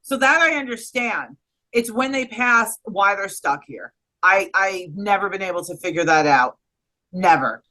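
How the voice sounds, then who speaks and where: Bright-voiced woman telling a personal story. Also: mid-range voice, animated, unhurried, poor audio. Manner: earnest, rambling, with frequent restarts. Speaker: interview guest.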